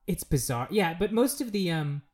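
A podcast co-host chatting casually about a show, rambling with many fillers and jumping up in pitch when amused. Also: very animated, moderate pace, a little mellow. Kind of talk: casual chat reviewing a show.

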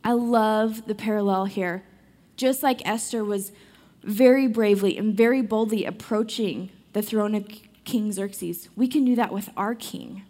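A woman's voice: medium pitch, a little slow, warm tone. A young adult woman giving a casual devotional talk on a Bible story, chatty, with many fillers and restarts. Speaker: Bible study speaker.

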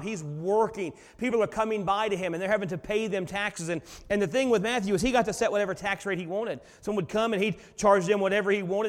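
A man preaching a sermon in a church, telling the story dramatically and swinging between soft and loud. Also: high-pitched. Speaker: pastor. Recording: long reverb of a large hall.

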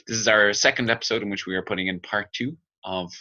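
Guy cohosting a podcast, jokey, tense bright voice, kinda muffled lo-fi audio. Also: on the low side, fairly even intonation, quick pace. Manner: chatty, jokey, with restarts. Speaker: podcast host. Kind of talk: casual chat. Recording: dull lo-fi sound.

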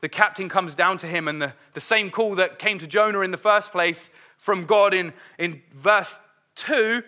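Bright-voiced preacher, lively. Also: male voice, high voice, normal speed. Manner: lively, conversational, acts out quoted voices. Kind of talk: sermon.

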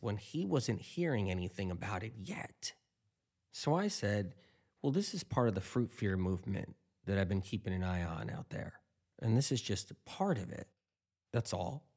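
A man with a lowish voice, talking casually and rambling as he eats. He drifts into long anecdotes and acts out the dialogue of people in them. His tone stays loose and conversational. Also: normal speed, slightly rough. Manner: rambling, animated, tells anecdotes with quoted dialogue. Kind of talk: casual storytelling monologue.

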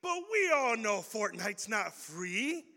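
A man's voice: sits high, sing-song, takes it slowly, creaky, bright, forceful tone. A young man preaching a youth sermon in a casual, slangy way, quizzing the audience as he goes. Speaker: youth pastor. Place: large hall with audience. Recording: reverberant hall.

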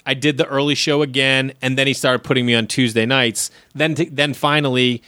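A comedian from tells his stories with energy, slipping into the voices of the people he quotes. His voice sits at a middling pitch and sounds dry and close to the mic, with no room around it. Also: fairly quick, clean tone, no echo. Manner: animated storyteller, acts out quoted voices, swears freely. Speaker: comedian guest. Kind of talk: casual storytelling chat.

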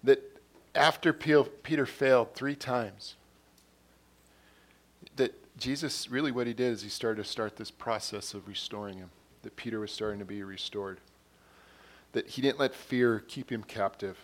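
A man delivering a sermon at a middle pitch, talking it through in a conversational way. He retells scenes by acting out bits of dialogue and often doubles back on his words as he goes. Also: fairly even intonation, moderate pace. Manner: repeats and restarts words. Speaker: pastor.

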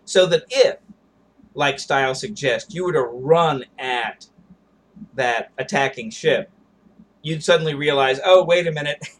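Husky-voiced man musing thoughtfully. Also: mid-range voice, a little slow, long pauses, fairly bright tone. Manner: thoughtful and digressive, musing on tactics and history. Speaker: podcast co-host. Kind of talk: casual discussion.

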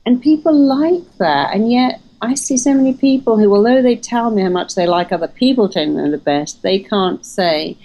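A woman who works as a hypnotherapist and therapist trainer speaks in a slightly high voice at a moderate pace with hardly any pauses, in a rough recording. In a casual interview she tells stories emphatically and with animation, acting out quotes.

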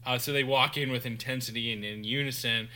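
A man's voice: mid-range voice, steady tone, fairly quick, bright, forceful tone. A man co-hosting a podcast, casually recapping a film scene by scene. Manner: recaps scenes, quoting lines in put-on voices. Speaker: podcast co-host. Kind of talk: casual movie recap chat.

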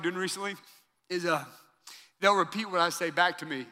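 High, bright preacher in a reverberant hall. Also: male voice, steady tone, fast. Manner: emphatic, repeats key lines, swings from loud to soft. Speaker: pastor. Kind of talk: sermon.

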